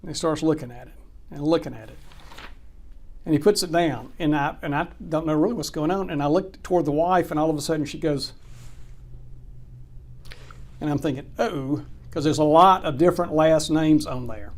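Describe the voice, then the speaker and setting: Brief: male closing attorney, animated interview storyteller who voices each character. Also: on the high side, a little fast, pauses often. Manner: animated anecdote teller, acts out quoted dialogue. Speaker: real estate closing attorney.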